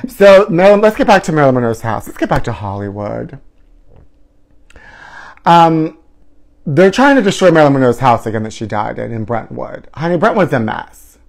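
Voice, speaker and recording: On a live celebrity gossip stream, a male host speaks at medium pitch with big swings in intonation, a moderate pace, vocal fry, and frequent pauses. He's campy and theatrical, calling viewers honey and trashy and swooping into mock outrage.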